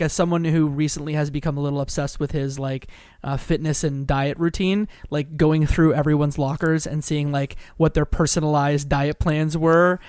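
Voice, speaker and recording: A man's voice: on the high side, a little mellow, clear, resonant tone, no room sound. Chatty man, dry close sound. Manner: rambling, heavy "like" filler. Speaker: podcast co-host. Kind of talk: casual chat about a video game.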